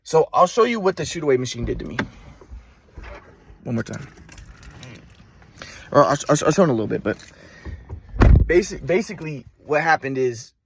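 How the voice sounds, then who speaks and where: A man's voice: on the high side, very animated, normal speed, gravelly, long pauses, noisy background. A man in a rambling personal monologue, stammering with frequent restarts and swearing freely. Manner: repetitive restarts, stammering, profane. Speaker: vlogger.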